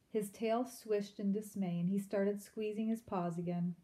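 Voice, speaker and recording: Warm-voiced woman reading a storybook aloud. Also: medium pitch, unhurried. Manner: expressive storytelling with asides to listeners. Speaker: reader. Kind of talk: reading a children's novel aloud.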